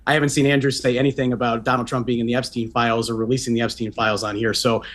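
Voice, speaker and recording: A man's voice: mid-range voice, flat delivery, very fast, fairly bright tone. A man arguing as a guest on a heated panel, earnest and defensive.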